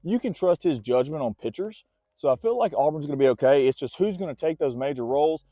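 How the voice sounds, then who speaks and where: A man talks college sports on a walk outdoors, slightly winded as he goes. His voice is mellow and warm, and he chats easily, now and then speaking to his dog. The recording is dry and close, with no room sound. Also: on the high side, lively intonation, fast talker, dry recording. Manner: chatty, talks to his dog between points. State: winded from walking. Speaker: sports vlogger. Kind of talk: casual sports chat while walking.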